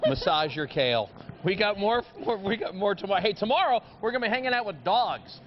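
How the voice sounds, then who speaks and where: A man's voice: high-pitched, expressive, quick pace, crowd noise. A man hosting a live morning TV segment from inside a grocery store, joking, upbeat and a bit hammy. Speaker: morning TV show host. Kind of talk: playful live TV segment banter. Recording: muffled broadcast audio, faint noise.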